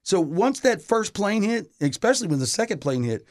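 A man's voice: high-pitched, very animated, moderate pace, no echo, studio quality. A middle-aged man, a touring musician, telling a long story in casual chat, rambling with lots of fillers and restarts.

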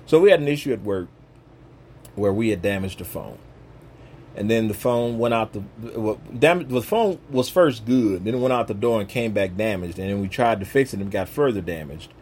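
A man's voice: on the low side, expressive, moderate pace, a little mellow, a little hiss or hum. A man hosting his own podcast, talking to viewers in an emphatic, conversational, preachy way about faith. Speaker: podcast host.

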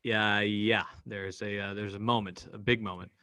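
A man's voice: fairly low pitch, normal speed, smooth, dry recording. Blunt, profane male storyteller. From Boston. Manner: blunt, profane, animated retelling with acted-out quotes. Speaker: podcast guest. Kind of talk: candid personal storytelling.

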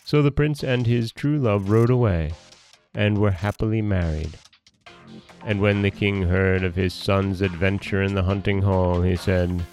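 Low-voiced male folktale storyteller. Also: steady tone, measured pace, a little mellow, faint music behind. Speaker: podcast host and storyteller. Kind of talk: folktale reading.

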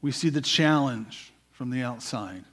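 A man preaching a sermon, asking his listeners questions and often adding "right?", sometimes dropping to a quiet voice for emphasis. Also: animated, unhurried. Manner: asks the congregation questions, frequent "right?" and repeated words; drops to a quiet, low voice for emphasis.

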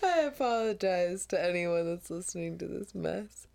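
A woman co-hosting a podcast in loose, casual chat, her pitch swinging widely as she talks. She laughs often and swears freely, and her throat sounds sore. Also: expressive, moderate pace, vocal fry, a little mellow. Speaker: podcast co-host.

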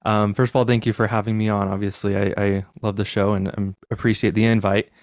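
A man's voice: on the low side, level tone, fairly quick, dry recording, clean studio sound. A young man as an interview guest, telling his own story in a candid, self-deprecating, reflective way. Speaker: podcast guest.

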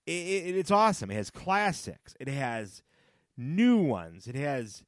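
A man's voice: a little high, very animated, measured pace, no room sound, studio quality. A man hosting a casual solo podcast, chatty and rambling, often laughing at his own jokes and repeating phrases for emphasis. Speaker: podcast host.

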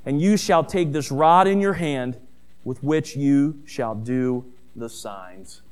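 A middle-aged man preaching a sermon who tells stories, calls his listeners family, and rises in pitch and volume on key points. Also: slow, clean tone. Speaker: pastor.

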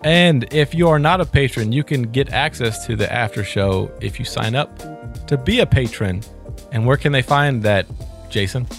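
A man's voice: medium pitch, moderate pace, vocal fry, faint music behind. A man, co-hosting a podcast in a chatty way and laughing easily. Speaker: podcast co-host. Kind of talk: casual chat.

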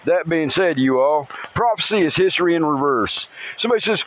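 A man with a notably high voice hosts his podcast while standing outdoors in a rainstorm. He rambles excitedly and swears casually. Faint rain and river ambience sits under his voice. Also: normal speed, few pauses, slight background noise, rough recording. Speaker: podcast host.

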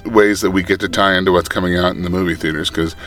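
A man with a very low, deep voice chats loosely on a podcast, often stumbling over fillers and starting his sentences again. Faint music plays behind him. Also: fairly even intonation, fairly bright tone. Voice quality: halting, many fillers and restarts. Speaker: audiobook producer. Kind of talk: casual podcast chat.

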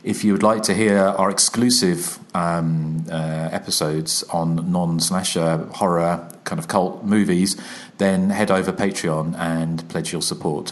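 A man hosting a podcast in a casual, chatty way, hesitating with plenty of fillers. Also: low voice. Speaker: podcast host.

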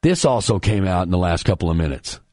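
Chatty sports radio host, dry studio sound. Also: male voice, deep voice, fast, no room sound. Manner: chatty, animated, jokes about his co-host.

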